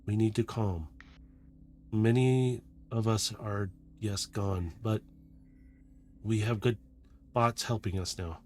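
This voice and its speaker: A man voicing a soft pleading robot woman. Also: fairly low pitch, steady tone, slow, long pauses, a little hiss or hum. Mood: soothing. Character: calm female robot leader, soothing.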